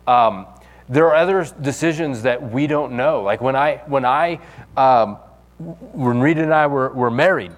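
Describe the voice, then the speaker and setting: A man's voice: mid-range voice, measured pace. A man preaching a sermon as pastor, in a casual, conversational way with fillers and restarts. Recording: long reverb of a hall.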